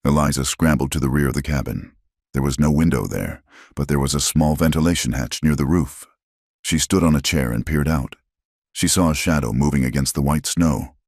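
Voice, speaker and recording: A man narrating a western story in a grave, measured scripted telling. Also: very deep voice, a little mellow, slightly rough, no echo, clean studio sound.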